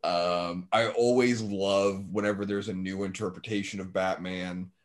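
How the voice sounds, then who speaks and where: A man's voice: sits low, fairly even intonation, measured pace. A man with an English accent in casual podcast chat, rambling and restarting his thoughts.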